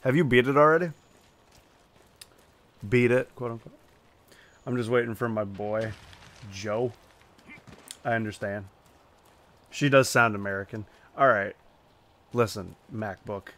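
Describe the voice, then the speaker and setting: Brief: male streamer, mid-pitched, playful profane banter while gaming. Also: measured pace, pauses often, a bit bright. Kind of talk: casual gaming chat.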